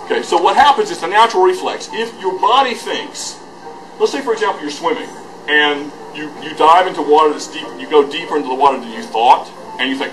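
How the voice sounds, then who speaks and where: In a school hall, a man teaches a voice master class, joking with students and demonstrating with his own voice. He speaks briskly in a slightly high voice, captured from far off in an echoey hall with noisy background.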